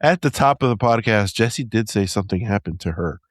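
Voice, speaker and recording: A man hosting a podcast speaks in a very low voice that still swings widely in pitch. He is animated, jokey and slangy, and his close mic gives a dry sound. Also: a little fast, no room sound. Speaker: podcast host. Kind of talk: casual chat.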